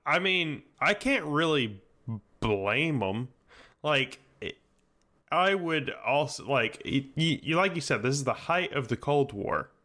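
A man's voice: a little high, expressive, slow, sharp tone. A young man co-hosting a casual history podcast, chiming in with blunt, wry remarks. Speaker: podcast co-host.

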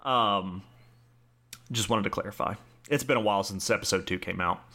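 A man's voice: lowish voice, moderate pace, sharp tone. A young man co-hosting a casual history podcast, explaining from his notes and laughing easily. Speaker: podcast co-host.

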